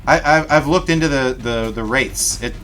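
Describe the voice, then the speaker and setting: A man narrating a livestreamed tabletop battle as game master, in an animated, chatty way, talking directly to his viewers. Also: medium pitch, normal speed, faint music behind.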